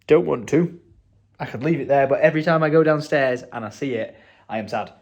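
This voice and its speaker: A man's voice: mid-range voice, a little fast, darkish tone. A young man with a Northern English accent chatting playfully in a vlog, laughing often. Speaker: vlogger. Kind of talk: casual vlog chat.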